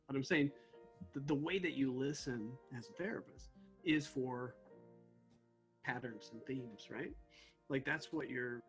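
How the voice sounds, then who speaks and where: A man's voice: mid-range voice, rough recording. A man co-hosting a casual podcast, a therapist who talks in a laid-back, reflective way.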